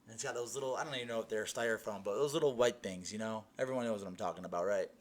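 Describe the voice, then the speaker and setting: A man's voice: fairly low pitch, very fast. Earnest young man telling his story. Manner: earnest storytelling, many restarts and "you know"s. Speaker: testimony speaker. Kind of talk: personal faith testimony.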